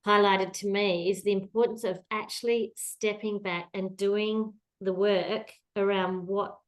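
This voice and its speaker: A woman's voice: mid-range voice, steady tone, measured pace. An Australian woman hosting an online workshop on a video call, encouraging and thinking aloud as she moderates. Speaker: workshop host. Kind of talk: casual moderating.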